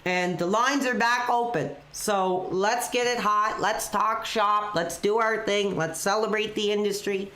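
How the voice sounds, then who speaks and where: A woman's voice: mid-range voice, steady tone, unhurried, few pauses, fairly bright tone. A woman hosting a live call-in stream, talking in an earnest, emotional, rambling way full of "you know" and "like". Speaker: call-in show host. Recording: roomy echo.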